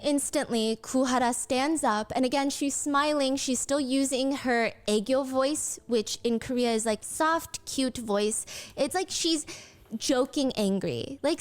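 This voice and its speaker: A woman's voice: high voice, measured pace. A woman telling a true story in a conversational narration, explaining context and acting out the quoted lines. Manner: acts out quotes in lively voices; explains cultural context to viewers.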